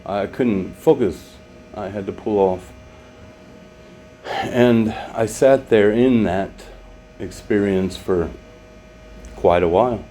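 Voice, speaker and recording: A man with a low, dark, mellow voice tells his life testimony slowly and without a script. He halts often, restarts his sentences and fills pauses with "uh" and "um". A faint electrical hum runs under the recording. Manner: halting, with many fillers and restarts; becomes emotional, voice rising. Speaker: former truck driver giving a testimony. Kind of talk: personal testimony, unscripted. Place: home in Mexico.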